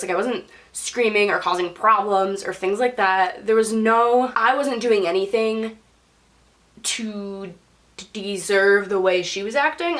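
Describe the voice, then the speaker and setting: A young woman tells a story to camera in a relaxed vlog style, her voice sitting in an ordinary middle pitch. She talks in a chatty stream full of "like" and jumps into a higher voice when she acts out what people said. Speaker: YouTube storyteller.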